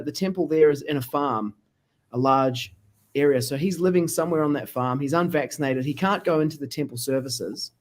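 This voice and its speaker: A man hosting a podcast interview, telling stories animatedly and acting out the people he quotes. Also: on the high side. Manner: animated storyteller who acts out quoted people. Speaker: podcast host. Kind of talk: casual interview chat.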